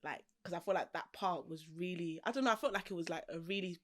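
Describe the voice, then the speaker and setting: A woman's voice: fairly low pitch, fast, fairly bright tone. A young woman, a podcast guest telling her story in a chatty, casual way, laughing often and acting out the voices of people she quotes. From Britain. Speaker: podcast guest, fashion designer.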